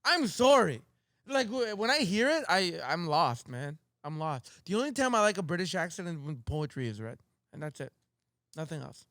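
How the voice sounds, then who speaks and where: A man's voice: fairly high pitch, big pitch swings, moderate pace, fairly bright tone, no room sound, studio quality. A man co-hosting a podcast in casual, playful banter and laughing often. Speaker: podcast co-host.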